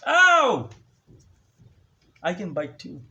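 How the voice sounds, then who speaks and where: A man's voice: a little high, expressive, measured pace, muffled recording. A young man ranting sarcastically at home into a phone, mimicking others with a raised voice. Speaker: vlogger. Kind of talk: casual ranting monologue. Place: home, indoors.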